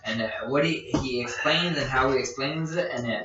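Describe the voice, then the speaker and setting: A man from Quebec, hosting a casual podcast chat and talking haltingly with many fillers. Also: medium pitch, noisy background. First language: French. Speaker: podcast host. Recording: roomy, distant, dull mic.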